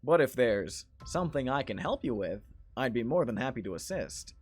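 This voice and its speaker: A man's voice: mid-range voice, big pitch swings, normal speed, breathy edge, soft background music. A man voicing a grinning, predatory butcher with a regal bearing who talks like an overly polite shopkeeper. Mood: smooth, polite.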